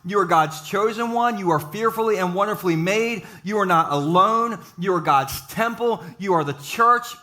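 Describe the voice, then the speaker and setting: A man preaching a sermon to a live church audience, mixing jokes and quick asides with his encouragement. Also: high voice, sharp tone. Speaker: pastor.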